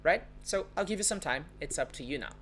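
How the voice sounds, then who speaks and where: A woman's voice: sits low, lively intonation, fast talker, a little hiss or hum. A woman with a Brazilian Portuguese accent, teaching a live-streamed language lesson, patiently explaining and repeating example words. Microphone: phone or webcam on a live stream.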